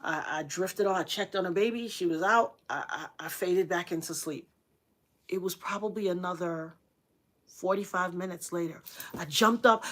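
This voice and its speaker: A middle-aged woman telling a story on a livestream, earnest and dramatic, repeating phrases for emphasis and acting out what others said in sudden loud, high bursts. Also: moderate pace.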